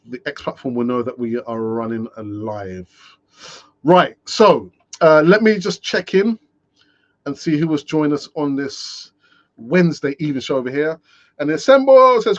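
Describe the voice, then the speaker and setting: A man hosting a solo live fan-channel stream, ranting and talking to himself in an animated way. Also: medium pitch. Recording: dull lo-fi sound.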